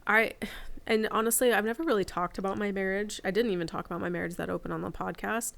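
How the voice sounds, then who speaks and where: A woman in her forties chats openly as a podcast guest. Her voice sits in a middle pitch, and she tells her stories in a candid, reflective way. The talk is loose and personal. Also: fairly even intonation, fast, vocal fry, a bit bright. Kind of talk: casual podcast chat.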